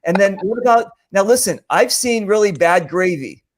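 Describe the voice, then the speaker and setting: A man's voice: high voice, expressive, normal speed. A man hosting a casual video call cooking chat, upbeat and chatty, often repeating himself. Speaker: host.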